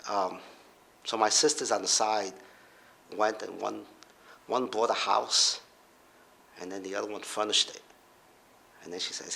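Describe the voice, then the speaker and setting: Man, middle-aged, lowish voice, telling his own story, restarts, trails off, pops up high for others' voices. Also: gravelly. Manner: animated, jumps up in pitch to act out others' voices; halting, with restarts and trailing off quietly. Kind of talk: casual personal storytelling.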